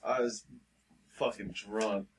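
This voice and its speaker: A man's voice: on the low side, steady tone, slow, slight background noise. Chill guy telling a story, swears casually, sounds kinda far from the mic. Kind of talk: casual chat. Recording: a bit distant from the mic.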